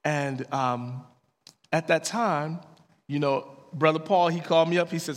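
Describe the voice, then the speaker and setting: A man with a fairly high voice delivers an earnest sermon, telling stories in a lively, plain-spoken way. His voice rings through a large hall and trails off in a long reverb. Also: a little slow. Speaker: preacher. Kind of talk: sermon with personal storytelling.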